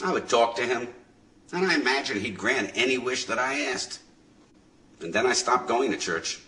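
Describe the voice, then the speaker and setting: A man's voice: medium pitch, expressive, normal speed, bright, forceful tone. A middle-aged man doing rambling stand-up to a live crowd over voice chat. He chats with the audience and laughs at his own jokes. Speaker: stand-up comedian.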